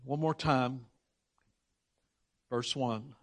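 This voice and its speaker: A man's voice: mid-range voice, normal speed, pauses often. A man preaching a sermon, reading scripture aloud and repeating words for emphasis while he puts questions to his congregation.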